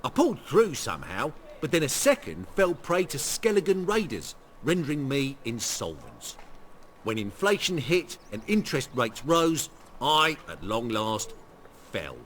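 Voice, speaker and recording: A man's voice: mid-range voice, huge pitch swings, unhurried, fairly bright tone, a little hiss or hum. A weary shapeshifter posing as a broke merchant in a video game. His mid-range voice rises and falls a lot as he mocks himself with dry, rueful humour. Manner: wry, rueful and self-mocking. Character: weary middle-aged male shapeshifter posing as a ruined merchant. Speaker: game character.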